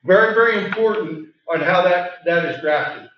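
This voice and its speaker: A man leading a training session, asking the room questions and repeating words for emphasis, clearing a voice he is losing. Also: high-pitched, expressive, normal speed, a little hiss or hum. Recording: very echoey room, distant mic, muffled.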